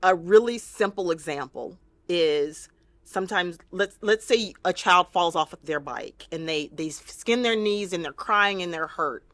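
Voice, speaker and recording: A woman's voice: fairly low pitch, a little slow, a bit bright, no room sound. A woman therapist guesting on an interview, talking earnestly and reflectively and sometimes acting out the voices she quotes. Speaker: trauma-focused therapist, guest.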